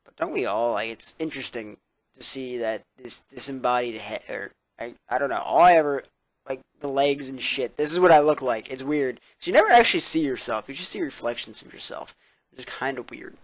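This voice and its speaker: A man's voice: medium pitch, animated, fairly quick, dry recording. Tired, sarcastic young man rambling. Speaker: vlogger. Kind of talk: casual rambling vlog. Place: indoors at his computer.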